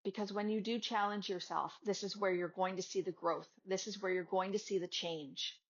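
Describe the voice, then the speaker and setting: Female podcast host and yoga teacher, casual motivational talker, medium pitch, somewhat muffled recording. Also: steady tone, normal speed. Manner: conversational, acts out dialogues with students. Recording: slightly dull lo-fi audio.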